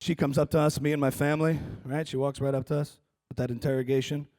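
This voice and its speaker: Wry high-voiced comedian. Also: male voice, fast talker. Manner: wry, animated, plays to the crowd. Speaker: stand-up comedian. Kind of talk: stand-up comedy set on stage. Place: large conference hall stage.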